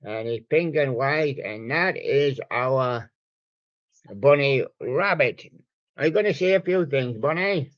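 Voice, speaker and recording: A man hosting a home online radio show, chatting casually and showing soft toys in a rambling, jokey way full of puns. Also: medium pitch, animated, slow, no room sound, muffled recording.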